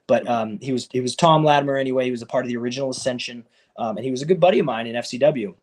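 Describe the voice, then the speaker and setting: Fast-talking man telling a story. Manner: animated, acts out quoted people with raised pitch; loose and conversational, many fillers like "like" and "you know". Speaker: professional wrestler telling his career story. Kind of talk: casual storytelling in an interview.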